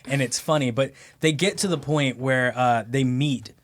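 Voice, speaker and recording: A man's voice: medium pitch, moderate pace. A man co-hosting a podcast, telling a long funny story in casual chat, laughing often. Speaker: podcast co-host.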